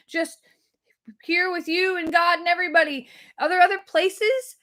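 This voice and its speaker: A woman's voice: very high-pitched, steady tone, unhurried, pauses often, pushed and bright. A woman, hosting a weekly video and telling a rambling, self-deprecating story to her viewers. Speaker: host of a weekly video segment.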